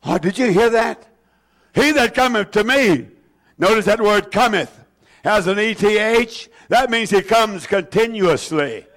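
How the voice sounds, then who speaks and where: A male preacher, delivering a sermon and drawing out scripture quotations with slow emphasis. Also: high voice, expressive, fairly bright tone.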